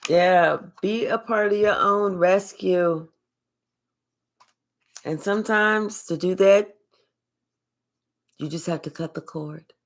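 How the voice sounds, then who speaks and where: An older woman hosting a live spiritual reading stream, chatting casually and thanking viewers by name in a relaxed, affectionate way. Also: fairly low pitch, takes it slowly, pauses often.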